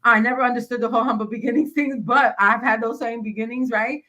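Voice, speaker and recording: Bright-voiced woman hosting a podcast. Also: on the high side, steady tone, fast. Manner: encouraging, sprinkles Spanish words. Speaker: podcast host. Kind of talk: casual interview.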